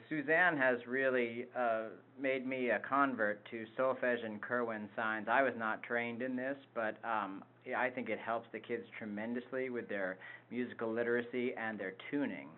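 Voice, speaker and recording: A man co-presenting a choir webinar, explaining vocal exercises with some fillers. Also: medium pitch. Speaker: choir director. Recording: phone-like narrow band.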